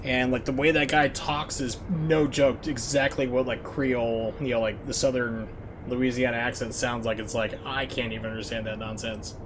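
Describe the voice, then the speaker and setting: Male streamer, American, casual rambling commentary, average pitch. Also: little pitch movement, moderate pace, noisy background. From United States. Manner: rambling, filler-heavy chat with put-on voices. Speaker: game streamer.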